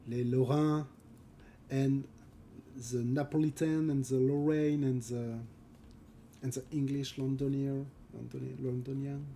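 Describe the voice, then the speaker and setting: A man's voice: mid-range voice, level tone, measured pace, dark tone, slight background noise. A man with a French accent chatting casually while drawing on a live stream. He halts, searches for English words and laughs often. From France. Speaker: concept artist streaming live.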